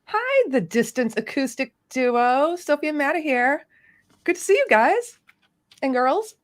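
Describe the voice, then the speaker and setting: A woman hosting a casual live-stream chat, talkative, playful and quick to tease herself. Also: sits high, very animated. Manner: chatty, playful and self-teasing. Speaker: host.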